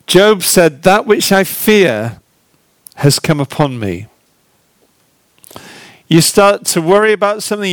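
A man's voice: high voice, a bit bright, smooth, no echo. A man preaching a sermon in an earnest, conversational way, asking the listeners questions. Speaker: pastor.

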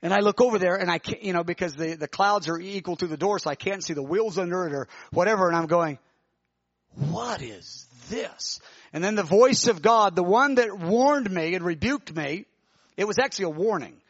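A man preaching, telling a vision in an animated, emotional way with many restarts. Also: sits high, fairly quick, no room sound, highs cut off. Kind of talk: sermon testimony, telling a vision.

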